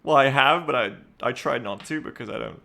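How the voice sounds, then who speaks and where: A man's voice: medium pitch, fairly quick, creaky, bright, forceful tone. A man chatting casually on his live stream, rambling, joking at his own expense and reading viewer names aloud. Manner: rambling, self-mocking, reads chat aloud.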